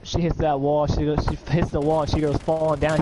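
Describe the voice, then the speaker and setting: A man narrating as game master, telling the action in an excitable, profane way with shouted sound effects. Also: a little high, fairly quick, noisy background.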